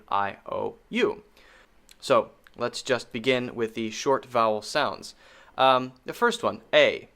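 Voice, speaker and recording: Slow, lively-voiced American man teaching. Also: medium pitch. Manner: slow, deliberate, repeats sounds for demonstration. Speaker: pronunciation teacher. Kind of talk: recorded pronunciation lesson.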